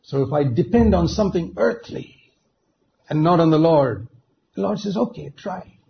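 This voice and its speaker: A man preaching a sermon, emphatic, dropping to quiet asides and then rising to loud, stressed words. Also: fairly high pitch, animated, moderate pace, gravelly. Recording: dull lo-fi recording with faint noise.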